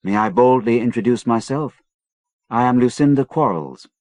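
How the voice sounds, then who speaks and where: A man reading an audiobook, voicing a bold, quick-witted young British woman who is poised and inquiring. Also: medium pitch, lively intonation, darkish tone, no echo, pitched above the performer's own voice, close to an everyday voice. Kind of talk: audiobook character voice.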